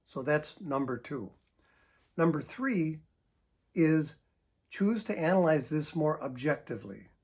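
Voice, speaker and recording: An older man speaks as a psychotherapist, earnestly stressing each point of his advice. His voice sits a little high for a man and has a husky edge. Now and then he breathes out long, audible sighs to show the technique. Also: expressive, measured pace, long pauses, a little mellow. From United States. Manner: earnest, emphatic, demonstrates sighs and deep breaths. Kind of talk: direct-to-camera advice talk.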